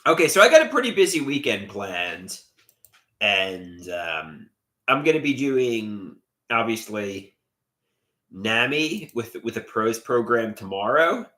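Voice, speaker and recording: Long island guy streaming, young, rambly, voice bounces up and down a lot. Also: takes it slowly. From Long Island, New York. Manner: rambling, hesitant, lively pitch. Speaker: livestreamer. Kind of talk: casual live stream chat, reading comments.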